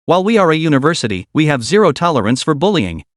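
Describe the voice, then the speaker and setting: A man's voice: on the high side, very animated, quick pace, no room sound, studio quality. A man voicing a stern, cold female university counselor in a story recap, clipped and disdainful.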